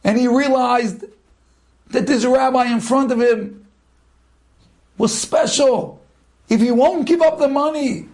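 A man with a high voice delivers a storytelling sermon. He speaks slowly and builds suspense with long dramatic pauses. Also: a little mellow.

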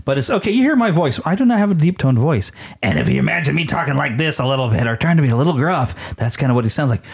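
A man co-hosts a casual podcast and talks in a chatty, enthusiastic, rambling way. His voice sits at an ordinary middle pitch. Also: expressive, fast talker. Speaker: podcast co-host. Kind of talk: casual chat.

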